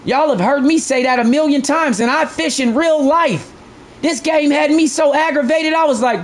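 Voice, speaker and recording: A man with a high voice streams a fishing game and talks straight to his chat. He is blunt and profane and circles back to the same point again and again. Faint ambient noise sits under his voice. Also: normal speed. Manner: blunt, profane, repeats himself while ranting. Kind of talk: live stream commentary.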